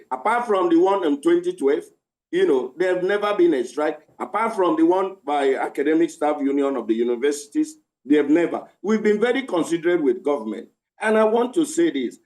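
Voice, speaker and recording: A man's voice: high-pitched, darkish tone. A Nigerian man speaking for organised labour on a news panel, emphatic, repeating himself and restarting phrases as he presses his point. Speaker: labour union representative. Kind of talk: live news panel discussion.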